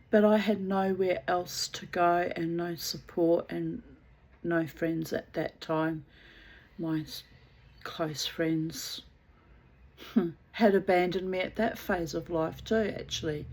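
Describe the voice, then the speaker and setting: A woman's voice: lowish voice, darkish tone, breathy edge, poor audio. A woman telling a personal story in a blunt, casual way, swearing freely and laughing at herself.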